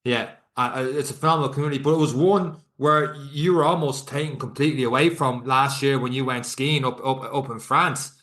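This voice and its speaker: Bright-voiced male podcast host. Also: mid-range voice. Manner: halting, restarting his questions. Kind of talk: interview question.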